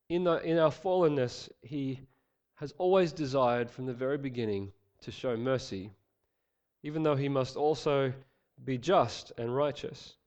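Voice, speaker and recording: A man preaching a sermon, praying and reading scripture in an earnest, measured way, slightly nasal from a head cold. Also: fairly high pitch, a little mellow, highs cut off. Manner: earnest, measured, some fillers.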